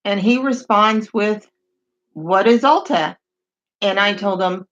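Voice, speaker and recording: A woman reading out strange dating-site messages in a comedic, deadpan way, with wry asides. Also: medium pitch, slow pace, pauses often. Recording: dull lo-fi sound.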